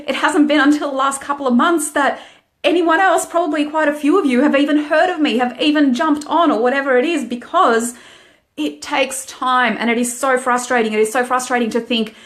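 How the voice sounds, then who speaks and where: A woman's voice: on the high side, fairly bright tone. A woman, a life coach, talking frankly and emotionally to viewers in a motivational live-stream monologue.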